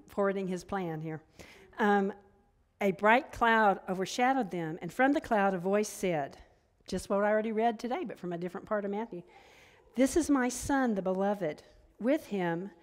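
A woman minister giving a sermon in a loose, chatty way. She breaks off into playful asides and laughs at her own jokes, and her voice sits at an ordinary middle pitch.

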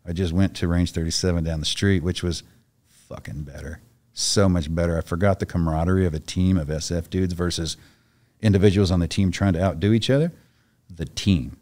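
Middle-aged retired soldier, deep-voiced, talking bluntly and profanely as a podcast guest. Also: male voice, fairly even intonation, fairly quick, a little mellow. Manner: blunt, profane, acts out the voices in his stories. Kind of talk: casual storytelling.

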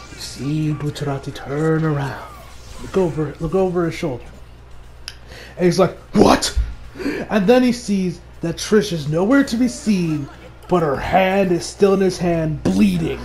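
High-voiced man recapping an anime episode. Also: slow, soft background music. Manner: animated, laughs often, acts out characters' lines. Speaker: anime reviewer. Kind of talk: casual recap.

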